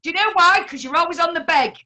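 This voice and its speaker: A woman's voice: very high voice, fast talker. A woman hosting a live stream, arguing with a guest in a confrontational, sweary way. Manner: confrontational, swearing, shouting insults. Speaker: livestream host. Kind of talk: heated live-stream argument.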